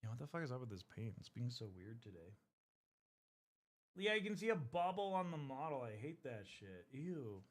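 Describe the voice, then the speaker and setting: This man's mid-range voice is very animated, moving at a moderate pace. Painting miniatures on stream, he chats loosely with his audience, wandering off topic and cursing often.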